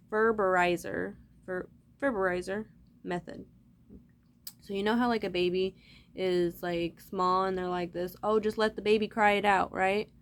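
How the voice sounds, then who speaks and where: A woman's voice: mid-range voice, a little hiss or hum. Woman vlogging, just rambling on to the camera, cusses a lot, super casual. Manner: rambling, swears freely, addresses viewers directly.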